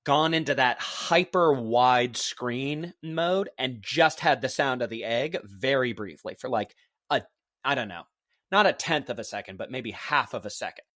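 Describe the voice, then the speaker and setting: Lively man giving thoughtful commentary. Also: medium pitch, moderate pace, no echo, studio quality. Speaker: podcast co-host. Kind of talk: casual chat.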